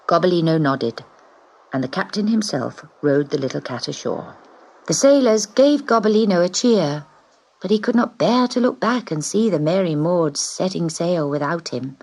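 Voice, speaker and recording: A woman reading a children's storybook aloud as audiobook narrator, in an expressive, lively manner. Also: fairly low pitch, unhurried, rough recording. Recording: audiobook with steady hiss.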